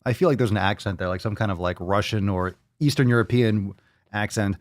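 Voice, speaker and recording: A man hosting a live podcast stream, talking loudly and excitedly, repeating phrases and swearing often. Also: fairly low pitch, a little fast, no room sound. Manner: plays soundboard clips. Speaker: podcast host.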